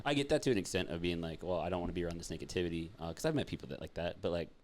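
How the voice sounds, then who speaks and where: A man's voice: low voice, racing, slight background noise. A young man hosting a podcast in casual chat, joking and swearing freely. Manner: swears freely, laughs and jokes. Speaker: podcast host.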